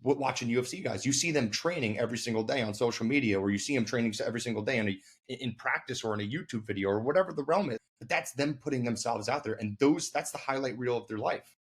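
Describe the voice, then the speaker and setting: A man's voice: medium pitch, quick pace, slightly rough. A man hosting a podcast, talking in an emphatic, motivational way with loose swearing. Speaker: podcast host. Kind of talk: casual interview talk.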